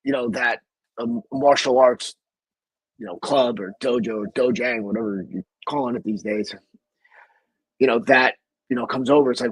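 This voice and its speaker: A man's voice: mid-range voice, normal speed, husky, no room sound, poor audio. A man hosting a podcast, talking in a rambling, profane, casual way. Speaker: podcast host.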